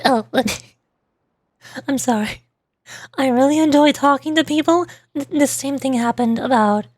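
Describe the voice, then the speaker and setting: A woman streaming and chatting casually with viewers, talking fast when excited and laughing often. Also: sits high, no room sound, studio quality. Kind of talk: casual livestream chat.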